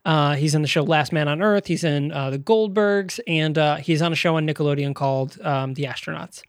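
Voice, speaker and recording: A podcast co-host reviews a movie in casual conversation, rambling with lots of fillers. His voice is a little high and a little fast, and the studio-quality recording is dry.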